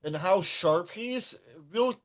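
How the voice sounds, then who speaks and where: A chatty man co-hosting a livestream, his voice a little higher than most men's. He tells stories with animated energy and keeps the talk flowing. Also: takes it slowly. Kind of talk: casual livestream chat.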